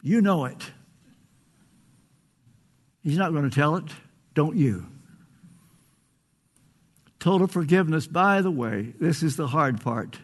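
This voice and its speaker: Older man preaching earnestly, high voice. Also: expressive. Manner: earnest pleading, drawn-out emphatic phrases. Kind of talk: sermon.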